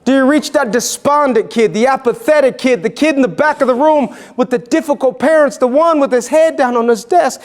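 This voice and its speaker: An earnest man asking a question from the audience, as a speaker acts him out, his voice raised well above a man's normal pitch. He pleads with his question, slightly louder than plain talk. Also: fairly quick, hardly any pauses. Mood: pleading.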